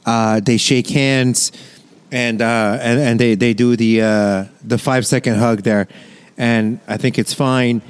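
A man's voice: mid-range voice, steady tone, takes it slowly, smooth, no echo. A man co-hosting a podcast, giving his take on a sitcom episode in a loose, rambling way. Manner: rambling, many fillers and restarts. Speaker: podcast co-host. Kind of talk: casual chat, reacting to a sitcom episode.

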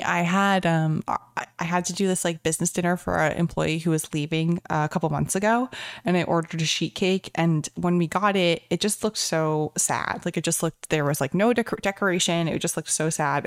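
A woman's voice: on the low side, clear, resonant tone, dry recording. Chatty woman co-host, dry close sound. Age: late 20s. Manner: upbeat and chatty, peppered with "like". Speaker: podcast co-host. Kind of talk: casual chat.

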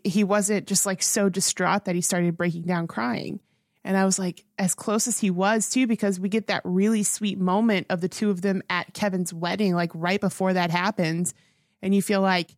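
A woman's voice: medium pitch, no room sound, studio quality. A woman co-hosting a film review podcast, talking in an earnest, rambling way with many restarts. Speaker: podcast co-host. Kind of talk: casual film review chat.

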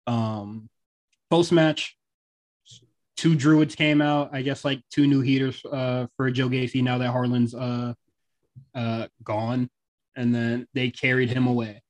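A man's voice: medium pitch, flat delivery, slow. A man co-hosting a podcast, chatting casually about wrestling, laid-back, laughing often and swearing freely. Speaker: podcast co-host.

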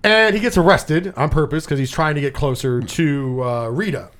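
A man hosting a casual movie review chat, talking in an animated, profane way and acting out scenes in quick put-on voices. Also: a little high. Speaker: podcast host.

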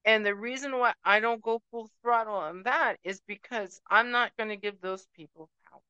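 A woman's voice: a little high, normal speed, pushed and bright, clean tone, no room sound, dull audio. A woman from Puerto Rico ranting emphatically to camera as a vlogger, dropping Spanish words into her talk. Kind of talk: emotional rant to camera.

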